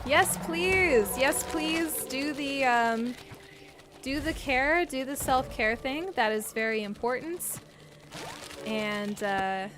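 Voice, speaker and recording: A woman's voice: high voice, slow, noisy background. A woman streaming a game, chatting with viewers and yelping and swearing when things go wrong. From Canada. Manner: excitable, yelps and swears at the game. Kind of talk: live gameplay commentary. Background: game music.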